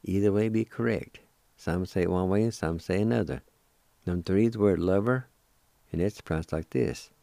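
A man hosting a radio language lesson, spelling and pronouncing each word slowly and patiently, repeating it several times. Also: low voice, gravelly, dark tone, no room sound. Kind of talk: slow spelling and pronunciation lesson.

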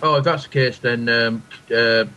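A man's voice: medium pitch, steady tone, very noisy. Jokey man in podcast banter. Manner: jokey, quick to tease and laugh.

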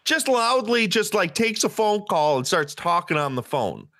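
A man with a bright, fairly high voice that swings up and down as he tells a story. He talks casually and swears freely, and jumps into loud, high-pitched impressions of the people he quotes. The sound is dry and close, with no room echo. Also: normal speed. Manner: animated, profane, acts out quotes in a high loud voice. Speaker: podcast co-host.

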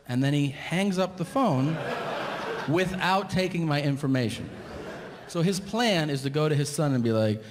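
A man's voice: a little high, expressive, fast, a crowd in the background. A man telling a long stand-up story, exasperated and profane, acting out the people in it on a live stage mic. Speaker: stand-up comedian. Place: theater stage before a laughing crowd. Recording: live hall with long reverb, faint noise.

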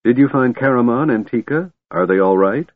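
A man's voice: mid-range voice, animated, normal speed, dry recording, pitched above the performer's own voice, close to an everyday voice. A man voicing a weary half-elf man weighed down by guilt, tired and bitter. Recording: narrow phone-like dry audio.

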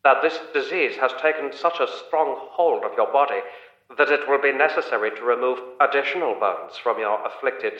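A man voicing a crazed skeletal male doctor who talks calmly, formally and clinically through a speaker. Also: mid-range voice, echoey room, lo-fi sound, lightly acted.

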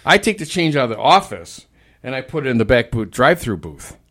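A man in casual conversation, swearing freely and telling stories about his fast food job, mimicking the voices of the people in them. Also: mid-range voice, very animated, fairly bright tone. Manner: profane storyteller, mimics people in shifting voices. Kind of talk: casual chat.

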